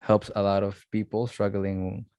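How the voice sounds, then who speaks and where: A man's voice: on the low side, flat delivery, measured pace, a little mellow, smooth, dry recording. A man hosting a podcast and chatting in a friendly, casual way, often saying "man". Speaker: podcast host.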